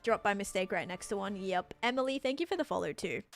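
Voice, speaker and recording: A woman's voice: medium pitch, animated, quick pace, gravelly, faint music behind. Chatty young woman streaming a game. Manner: rambling and chatty, many "like" fillers; patiently over-explaining to chat. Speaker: live streamer. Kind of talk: casual live gameplay chat, answering viewers.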